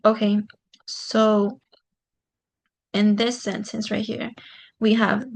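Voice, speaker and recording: A woman teaches punctuation in an online class, walking through each example patiently and filling pauses with "um." Her voice carries a gravelly fry, and her pitch stays fairly level and even throughout. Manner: patient, explains step by step with many "um"s. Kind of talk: online grammar lesson.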